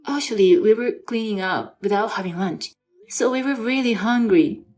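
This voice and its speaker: A woman plays a stern aunt laying down the law to her nephew. The voice is firm and commanding at a middle pitch. Music hums faintly behind it. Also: moderate pace, darkish tone, lightly acted. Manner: firm and scolding. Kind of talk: dramatized story reading.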